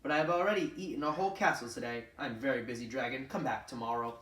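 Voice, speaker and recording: A man voicing a boastful, greedy male dragon in a children's story, speaking slowly and loudly. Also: medium pitch, natural voice. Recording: roomy echo from a distant mic.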